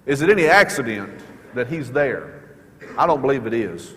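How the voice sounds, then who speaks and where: A man preaching a sermon in church, earnest, repeating his key questions and slowing down to stress words. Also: medium pitch, expressive, a bit bright, long reverb tail. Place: church sanctuary.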